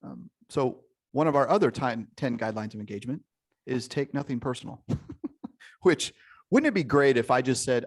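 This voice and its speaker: A male relationship coach leading a live online session over a computer mic, energetic and emphatic, checking in often and swearing casually. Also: mid-range voice, moderate pace.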